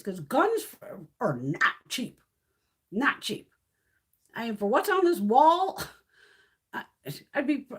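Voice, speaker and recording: A woman's voice: fairly high pitch, husky. A woman in her fifties hosting a casual beauty livestream, talking bluntly and swearing constantly as she rants. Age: 50s. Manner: profane, blunt ranting. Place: home, mountain area.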